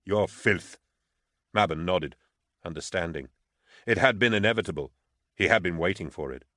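A man reading an audiobook as narrator, in a measured, steady storytelling manner. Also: low-pitched, no room sound, studio quality. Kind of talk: scripted narration.

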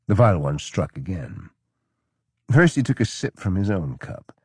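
Man reading a story aloud, deep voice, husky, lively pitch, dry close recording. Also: moderate pace, no room sound. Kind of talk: audiobook narration.

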